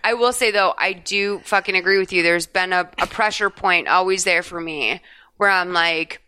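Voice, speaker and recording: A woman co-hosting a podcast, recapping a film in casual, profane, animated chat. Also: fairly low pitch, moderate pace, clear, resonant tone. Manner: chatty, profane, animated storytelling.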